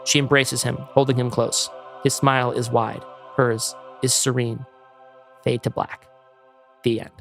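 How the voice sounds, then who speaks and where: A man co-hosting a podcast, reading a screenplay aloud in plain, measured narration. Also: mid-range voice, flat delivery, vocal fry, soft background music. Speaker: podcast co-host.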